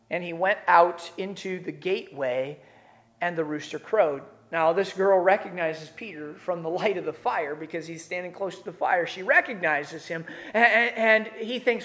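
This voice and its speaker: A man's voice: high-pitched, normal speed, a bit bright. Man preaching with dramatic emphasis. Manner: dramatic retelling with voiced characters, emphatic rises. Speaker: pastor. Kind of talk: sermon.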